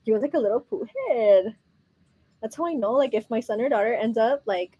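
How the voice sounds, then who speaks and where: Chatty El woman, bright high voice. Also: a little fast, slightly rough, no echo, lo-fi sound. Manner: chatty, mixes Spanish words into English, swears playfully, laughs often. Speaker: beauty vlogger. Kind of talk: chatty get-ready-with-me talk.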